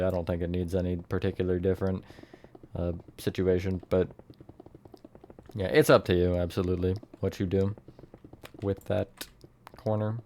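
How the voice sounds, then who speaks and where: A man's voice: deep voice, darkish tone, slight background noise. A young man narrating a casual building tutorial, rambling and hedging, often correcting himself. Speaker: Minecraft tutorial host.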